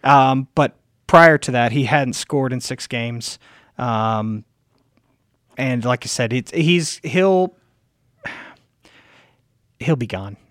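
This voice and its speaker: A man's voice: medium pitch, takes it slowly, long pauses, fairly bright tone, no room sound. A tired man co-hosting a casual sports podcast, chatty and rambling, talking into a close mic. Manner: rambling, chatty, trails off and restarts. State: tired, yawning. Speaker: podcast co-host. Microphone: close studio mic.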